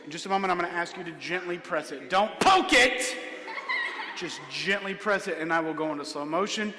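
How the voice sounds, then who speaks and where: A man's voice: a little high, quick pace, background noise. A man performing a comedic magic show in a church hall, playfully joking with and coaxing a child volunteer. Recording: echoey hall.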